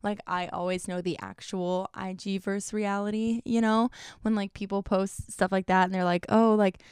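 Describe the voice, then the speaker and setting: A woman's voice: medium pitch, little pitch movement, normal speed, clear, resonant tone, dry recording, clean studio sound. A young woman talking to camera in a casual vlog, chatty and self-deprecating, filling her sentences with "like.". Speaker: YouTuber.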